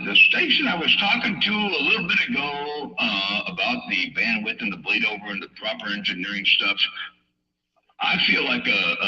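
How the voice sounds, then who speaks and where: A man's voice: on the low side, lo-fi sound, noisy background. A man from California, a CB radio operator chatting casually on air with a rambling, drawling manner full of radio slang. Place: home radio station. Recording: staticky distant CB radio sound.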